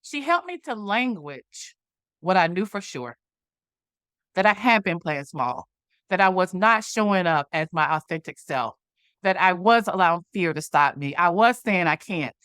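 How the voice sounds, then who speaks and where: A woman's voice: fairly low pitch, expressive, unhurried, fairly bright tone, clear, resonant tone, dry recording, studio quality. A woman interview guest telling a personal story, animatedly acting out the dialogue from it. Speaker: guest, movement founder.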